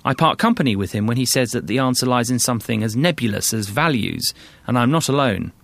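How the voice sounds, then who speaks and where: A man from London presenting a radio documentary, scripted narration in a measured, wry way. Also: medium pitch, expressive, gravelly, a bit bright, no room sound.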